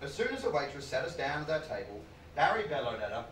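Brief: man doing stand-up storytelling, fairly high voice, noisy distant room recording. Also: fast talker, hardly any pauses, reverberant. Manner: animated, punchy delivery with sudden loud outbursts. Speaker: comedian.

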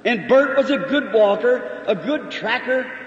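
A man's voice: very high voice, lively intonation, measured pace. A man preaching a sermon, telling a story in an earnest, folksy way with emotional emphasis. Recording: echoey old hall recording from far off, dull.

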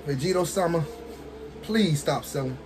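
A man casually commentating his own fighting game match, excitable, talking to the characters on screen and laughing often. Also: on the high side, moderate pace. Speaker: gaming streamer.

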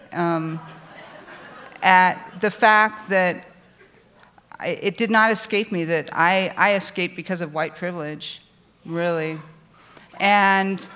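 A woman tells a personal story at a live show, her voice bright and forward. She speaks in an animated, self-deprecating way, often restarting her sentences. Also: lowish voice. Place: theater stage before a live audience.

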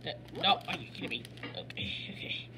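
A woman voicing an excitable male cowboy toy sheriff in gameplay commentary, repeating and sputtering words. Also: mid-range voice, unhurried, noisy background, lightly acted. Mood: frustrated. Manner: repeats phrases over and over, sputters and stammers. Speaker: gamer playing in character.

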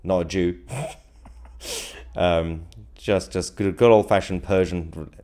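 Low-voiced man hosting a live stream. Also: slow pace, mellow. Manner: rambling, chuckles often, jokey asides. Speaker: political livestream host. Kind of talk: casual live-stream chat, reading viewer comments.

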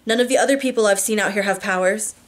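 A woman's voice: mid-range voice, fast talker, natural voice. A woman voicing a brash, streetwise teenage girl who talks bluntly and mockingly, firing off questions. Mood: sassy.

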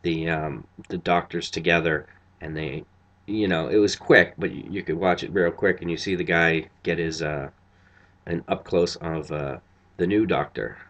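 A man's voice: deep voice, steady tone, normal speed, a bit bright. A tired man giving a casual, rambling spoken review of a TV episode, full of fillers and restarts. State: tired after a long night.

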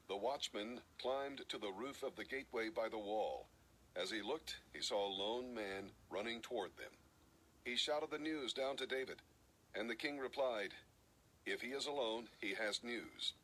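A man reading scripture aloud in a steady, measured way. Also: mid-range voice, a little hiss or hum, low-quality recording. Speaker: scripture reader.

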